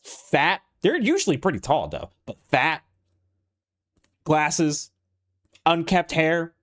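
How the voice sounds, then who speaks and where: Young man, casual rant, lively swinging pitch, fairly high voice, swears often. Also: slow. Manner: animated storytelling, frequent swearing and restarts. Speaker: streamer.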